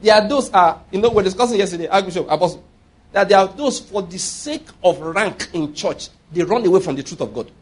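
A man's voice: high-pitched, lively intonation, fairly quick. A man preaching a sermon, emphatic and often asking his listeners rhetorical questions.

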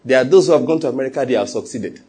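Husky pastor preaching. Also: male voice, mid-range voice, rapid-fire. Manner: animated storytelling, laughs often, acts out quotes. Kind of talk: sermon.

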